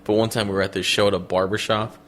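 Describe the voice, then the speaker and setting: A man's voice: on the low side, level tone, fast talker, a bit bright, a little hiss or hum. A man hosting a comedy podcast, telling rambling, profane stories packed with "like.". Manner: rambling, profane storytelling with lots of "like". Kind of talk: casual chat.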